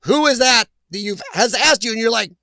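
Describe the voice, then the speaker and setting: A man's voice: extremely high pitch, animated, fairly quick, vocal fry, bright, forceful tone, dry recording. A man hosting a casual live chat, reading viewer names aloud and laughing often. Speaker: livestream host reading chat.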